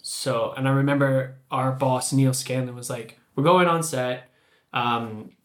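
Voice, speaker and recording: Casting note: male guest, chatty storyteller, mid-pitched, slightly echoey room. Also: measured pace. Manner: animated, acts out quotes in his story. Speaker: creature performer guest. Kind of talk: casual storytelling chat. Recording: roomy echo.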